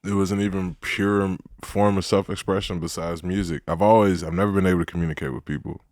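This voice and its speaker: A man with a very deep, low voice, talking as a guest on a podcast. He speaks in a measured, open way and slips in dry jokes. The recording is close and dry. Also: steady tone, a little mellow, no room sound. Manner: measured, candid, dry humor. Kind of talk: casual interview chat.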